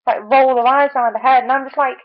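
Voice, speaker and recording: A woman's voice: sits high, fairly even intonation, quick pace. A young woman vlogger venting her frustration in a casual video diary, full of fillers. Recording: tinny phone-like audio.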